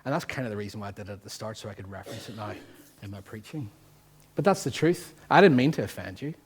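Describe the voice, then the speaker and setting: A man with a Northern Irish accent preaching a sermon as pastor, lively and jokey, full of rhetorical questions. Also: fairly low pitch, quick pace. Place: church.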